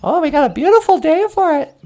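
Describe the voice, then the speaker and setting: A woman's voice: high-pitched, quick pace. A woman narrating a folk tale and then chatting playfully as co-host. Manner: lively, playful. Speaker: storyteller and co-host.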